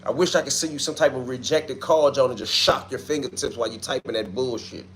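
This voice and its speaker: A man's voice: medium pitch, fast, slight background noise. Trash-talking man chatting on a livestream. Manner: trash-talking, animated, street slang. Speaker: livestream host. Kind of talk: casual livestream chat reading comments.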